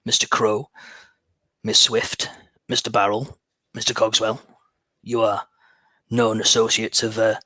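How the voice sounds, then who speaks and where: A man voicing an elderly, composed male aristocrat who speaks in a measured, gentlemanly way with slight hesitations. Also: lowish voice, little pitch movement, no room sound.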